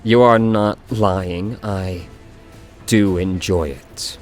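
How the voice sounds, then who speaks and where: A man's voice: lowish voice, steady tone, unhurried, faint music behind, natural voice. Man reading as a ruthless, grandiose woman judge. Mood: admitting. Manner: grandiose declarations, read aloud from the screen. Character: ruthless female rogue trader judge, zealous.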